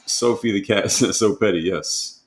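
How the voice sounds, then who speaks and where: A man with a lowish voice hosts a live stream at normal speed, and the room has a roomy echo. He reads viewer comments aloud and answers them conversationally, often repeating rhetorical questions.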